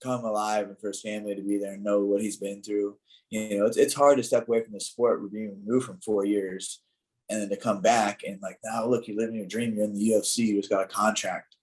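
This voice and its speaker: A man's voice: lowish voice, level tone, fairly quick, darkish tone, poor audio. A man co-hosting a casual podcast, talking loosely with lots of filler words and easy banter. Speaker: podcast co-host, fighter. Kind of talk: casual chat.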